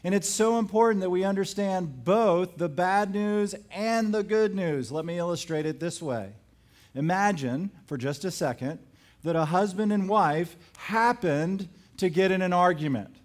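A man's voice: high-pitched, measured pace. A man preaching a sermon as pastor, telling stories with acted-out quotes and pressing his points with emphasis.

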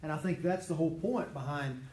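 A man's voice: a little high, a little fast, darkish tone. A man leading a Bible study class, teaching in an earnest, conversational way and voicing prayers in the first person. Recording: echoey room with faint background noise.

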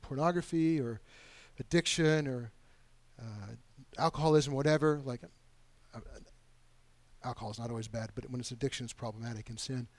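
A man preaching a sermon, pleading with his listeners and swinging between hushed, quiet stretches and loud, emphatic lines. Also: on the high side, no echo. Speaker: pastor.

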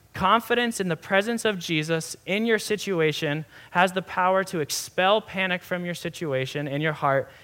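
A young man, a pastor, giving a sermon in a conversational, animated way with many asides. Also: on the high side.

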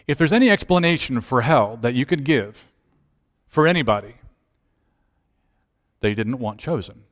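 A man's voice: mid-range voice, animated, moderate pace, big-room sound. A man pastor telling a personal story in a sermon, acting out the voices of the people in it.

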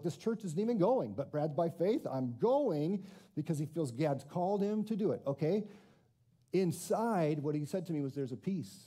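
A man delivering a conversational sermon, his voice very dark and mellow. His pitch rises and falls a great deal as he talks. He keeps turning questions back on the congregation. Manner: conversational, self-deprecating, asks the congregation questions. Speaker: pastor.

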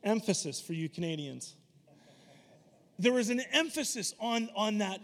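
A man preaching a sermon, animated and emphatic, slipping into voices when he retells scripture. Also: high-pitched, measured pace, long pauses. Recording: long hall reverb.

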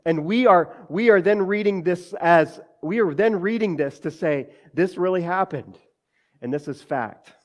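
Conversational Pittsburgh-area pastor preaching. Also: male voice, high-pitched, lively intonation, measured pace. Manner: conversational preaching with asides and jokes, addresses the congregation as church. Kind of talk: sermon.

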